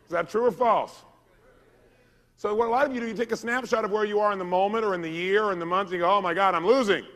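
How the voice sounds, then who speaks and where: Motivational speaker guy, talks quick, acts out the quotes in his stories, keeps asking the crowd stuff. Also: sits high. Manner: animated storytelling, acts out quoted lines; asks the audience questions. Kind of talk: motivational seminar talk.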